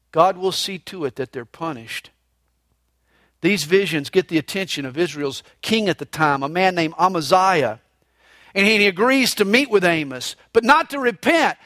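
Man preaching, high voice, slow and deliberate, dry close mic. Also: no room sound. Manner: animated, emphatic preaching. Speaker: pastor. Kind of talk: sermon with humorous anecdote.

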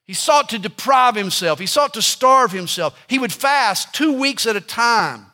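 A male preacher delivering a sermon in a high, bright voice. He talks emphatically and repeats key scripture lines for force. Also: animated, measured pace.

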